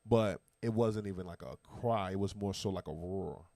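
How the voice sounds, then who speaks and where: Man, somewhat low voice, casual host chat, emphatic slang, dry close sound. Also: moderate pace, vocal fry, no room sound. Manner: animated, emphatic storytelling with slang. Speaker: podcast host.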